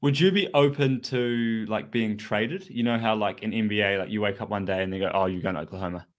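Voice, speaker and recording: A man's voice: lowish voice, a little fast. A man co-hosting a casual podcast chat, rambling through his points with many "like" fillers. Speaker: co-host.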